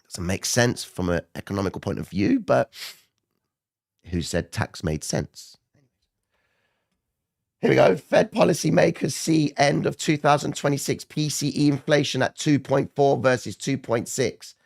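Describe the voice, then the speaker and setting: A man doing casual live market commentary who keeps checking in with viewers, his voice rougher than usual. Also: medium pitch, lively intonation, unhurried, darkish tone, dry recording, clean studio sound. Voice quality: gravelly, not his normal voice. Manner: chatty, addresses viewers directly, frequent "okay?" and "right?".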